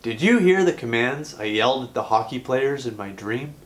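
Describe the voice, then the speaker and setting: A man teaching English to learners in a scripted lesson, explaining grammar clearly and deliberately. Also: medium pitch, lively intonation.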